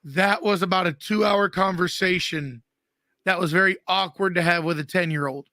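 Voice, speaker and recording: Male guest host, 30s, brassy and high, profane storyteller, dead-dry sound. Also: bright, forceful tone, no echo. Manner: profane storytelling, quick and joking. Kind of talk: casual chat.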